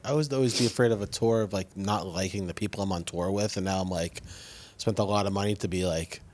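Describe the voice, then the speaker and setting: A man's voice: deep voice, fairly even intonation, fast talker, darkish tone. A man co-hosting a casual podcast chat, joking around and rambling with many restarts. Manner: jokey, rambling, restarts often. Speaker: podcast co-host.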